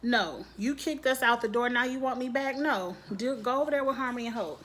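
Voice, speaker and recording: A woman's voice: a little high, brisk, hardly any pauses, a little hiss or hum. Sassy woman recapping a TV episode. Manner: sassy, animated, laughs often. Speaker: TV show reviewer. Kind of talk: casual recap and commentary.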